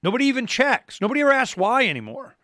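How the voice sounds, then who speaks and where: A man's voice: very high-pitched, sing-song, quick pace, bright, forceful tone, dry recording, studio quality. A man hosting a talk show, speaking in an emphatic, rambling way with frequent restarts. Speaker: radio talk show host. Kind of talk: casual talk-radio conversation.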